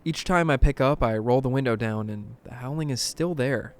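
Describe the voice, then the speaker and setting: A man's voice: mid-range voice, moderate pace. Man narrating spooky stories dramatically. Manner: dramatic, hushed at tense moments, bursts of alarm. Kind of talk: scripted horror story narration.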